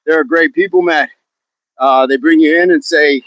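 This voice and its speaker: A man's voice: a little high, fairly even intonation, normal speed, a bit bright, no echo, rough recording. A man hosting a casual fitness livestream outdoors, upbeat, reading out viewer comments and joking around while he exercises. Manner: upbeat, reads viewer comments aloud and jokes about accents. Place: outdoors in wind.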